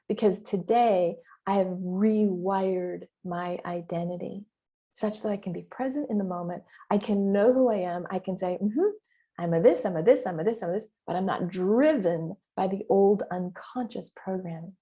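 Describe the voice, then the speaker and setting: A middle-aged woman hosting a casual solo podcast. She talks emphatically, swears lightly, and acts out her inner voice in quick quoted asides. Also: medium pitch. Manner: emphatic, animated, frequent mild swearing. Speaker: podcast host and business mentor.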